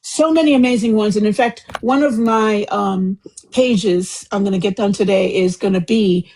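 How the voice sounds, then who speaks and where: A woman's voice: medium pitch, normal speed, a little mellow, a little hiss or hum, low-quality recording. A woman hosting a live group discussion, talking casually and at length in a chatty, effusive, rambling way over a home computer mic. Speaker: host of a live book club discussion.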